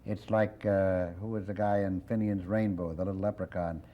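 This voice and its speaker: An older man, a comedian guest, chatting in an interview as a quick, wisecracking storyteller. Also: low voice, little pitch movement. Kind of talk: casual interview chat with joke-telling. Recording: dull lo-fi old TV recording.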